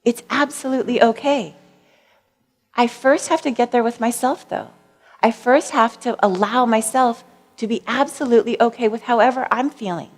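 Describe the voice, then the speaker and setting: Gentle woman speaking in a reverberant hall. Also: on the high side, steady tone, normal speed. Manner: gentle and warm, laughs easily. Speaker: mindfulness speaker and clinician. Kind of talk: storytelling talk to an audience.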